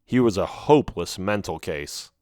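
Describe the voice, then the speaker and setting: A man reading a first-person children's animal story aloud with an expressive, animated delivery. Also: deep voice, normal speed, dry recording, clean studio sound. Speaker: audiobook narrator.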